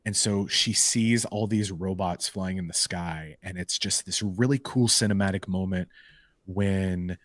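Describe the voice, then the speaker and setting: A man co-hosting a podcast, casually retelling comic book stories in an animated way with lots of "like" and "um". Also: low-pitched, measured pace, no echo. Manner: animated storytelling full of "like" and "um" fillers. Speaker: podcast co-host. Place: live podcast recording.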